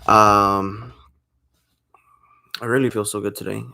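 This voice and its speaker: A man's voice: fairly low pitch, level tone, slow pace, gravelly, sharp tone. A young man chatting casually to camera in a home vlog, rambling with restarts while feeling unwell with a sore throat. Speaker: vlogger.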